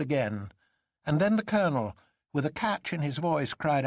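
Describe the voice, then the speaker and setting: An expressive storyteller reading a novel aloud, with a lively voice that rises and falls. The sound is dry and close, with no room around it. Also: medium pitch, normal speed, no room sound. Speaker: narrator. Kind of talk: scripted narration of a novel.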